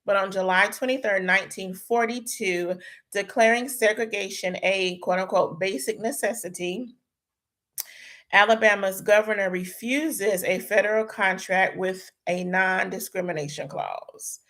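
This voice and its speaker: A woman's voice: mid-range voice, unhurried, fairly bright tone. A young woman, hosting a casual live-stream chat, chatty and prayerful, her voice sounding tired. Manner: chatty, prayerful, talks to viewers as y'all. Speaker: host.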